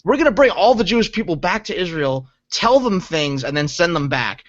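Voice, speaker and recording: A man's voice: high voice, animated, brisk, a bit bright, muffled recording. A man co-hosting a podcast in casual chat, telling a rambling story full of restarts. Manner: rambling, self-interrupting storyteller. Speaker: podcast co-host.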